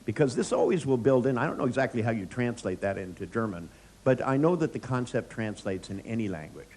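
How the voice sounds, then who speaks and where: Joking middle-aged seminar trainer. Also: male voice, medium pitch, expressive, fairly quick, a little mellow. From United States. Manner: joking, anecdotal, quizzes the audience. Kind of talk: live seminar lecture to an audience.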